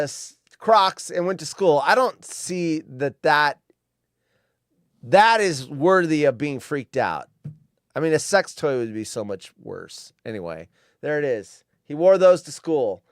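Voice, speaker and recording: A man's voice: on the high side, lively intonation, unhurried, clear, resonant tone, no echo, clean studio sound. A man hosting a live-stream show alone, reacting with sarcastic, rambling commentary and muttered asides. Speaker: show host.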